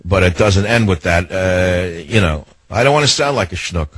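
A man's voice: low-pitched, fairly bright tone, slightly rough, no echo, poor audio. An older man with a New York accent hosting a talk radio show, brash and digressive. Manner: brash, rapid-fire, digressive.

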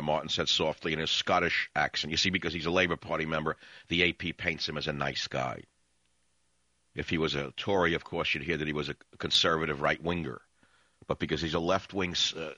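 Deep-voiced radio host guy ranting sarcastically, bright punchy tone, dry slightly dull sound. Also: dry recording. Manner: sarcastic, ranting, reads news items aloud then mocks them. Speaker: radio talk show host. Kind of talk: combative political talk radio monologue.

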